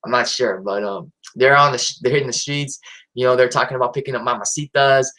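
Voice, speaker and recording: A man's voice: mid-range voice, steady tone, fast, pushed and bright, poor audio. A man hosting his own live stream, talking casually and hesitantly with lots of fillers and restarts. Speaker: channel host.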